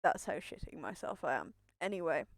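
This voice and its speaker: A woman's voice: fairly low pitch, animated, a little fast, creaky, no echo, studio quality. A young woman streaming live, chatting in a rambling, nervous way, repeating herself and swearing, a bit out of breath. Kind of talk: casual live-stream chat.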